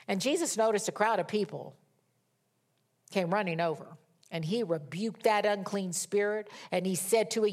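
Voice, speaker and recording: A woman delivers a sermon in a mid-pitched voice. She reads scripture with drama, building to loud emphatic peaks, then dropping to hushed whispers. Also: normal speed, long pauses. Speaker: preacher.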